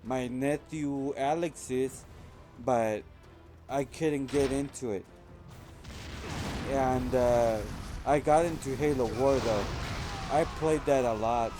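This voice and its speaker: A man in a let's play, chatting casually over his gameplay at an unhurried pace. He rambles and corrects himself mid-sentence, with game music playing clearly behind him. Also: medium pitch. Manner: rambling, self-correcting storyteller.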